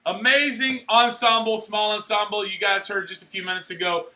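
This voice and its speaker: Bright, high-voiced man emceeing an awards night. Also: moderate pace, hardly any pauses. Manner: energetic, playful, cheering and joking. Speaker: youth pastor handing out awards. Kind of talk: live church event emcee. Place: church hall at a live event.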